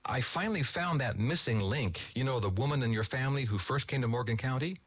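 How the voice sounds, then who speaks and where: A man voicing a hesitant, halting teenage boy in a read-aloud story. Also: mid-range voice, breathy edge, no echo, pitched above the performer's own voice, lightly acted.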